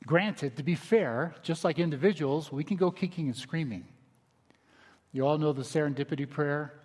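A male pastor preaching a sermon in a relaxed, conversational way, dropping his voice low for emphasis. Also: big-room sound. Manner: conversational, dynamic preaching with quiet emphatic drops. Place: church sanctuary.

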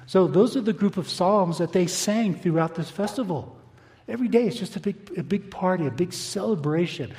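A man preaching a sermon, reading scripture aloud and slowing down for emphasis. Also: a little high, warm tone, in a large hall. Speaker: pastor.

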